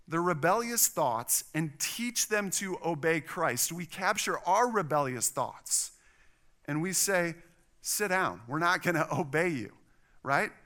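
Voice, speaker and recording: Bright-voiced male pastor telling a story. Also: fairly high pitch. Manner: animated storytelling, acts out quoted voices. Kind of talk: sermon with personal story.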